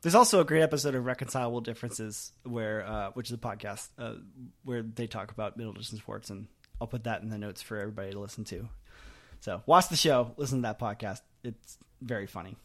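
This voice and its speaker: A man co-hosting a podcast in casual chat, rambling and animated, often laughing and trailing off softly. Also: on the low side, fast talker. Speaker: podcast co-host.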